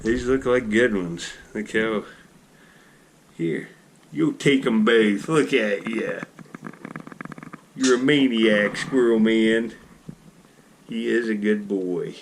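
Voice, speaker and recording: A man's voice: fairly low pitch, slow, pauses often, slight background noise. A man, vlogging casually and talking baby talk to his pet squirrel. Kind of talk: casual vlog chat.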